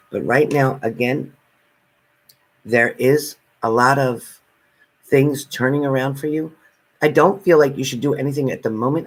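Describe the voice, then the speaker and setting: Male tarot reader on a live stream, mid-pitched, chatty and reassuring, talks straight to viewers. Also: poor audio.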